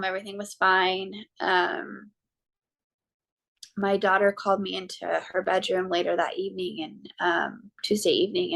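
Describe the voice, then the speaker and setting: A woman in her thirties or forties, a podcast guest and mother, telling a personal story in a halting way with frequent ums and restarts. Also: medium pitch, gravelly. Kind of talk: personal story told in an interview.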